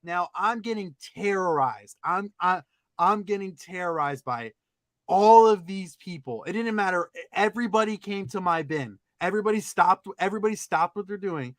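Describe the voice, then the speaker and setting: A man telling a story in casual chat, animated, acting out other people's lines in sudden high-pitched outbursts. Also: moderate pace, no room sound. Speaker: podcast co-host.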